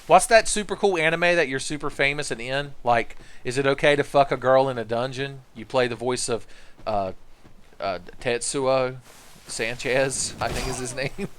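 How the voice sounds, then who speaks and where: A man's voice: medium pitch, moderate pace, a bit bright, a little hiss or hum. A young man streaming a game, giving rambling, profane, joking commentary into a desk mic. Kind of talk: casual gameplay commentary.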